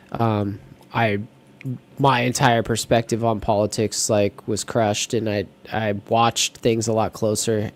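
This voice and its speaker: A man co-hosting a casual podcast chat, rambling with lots of fillers and restarts. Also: lowish voice. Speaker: podcast co-host.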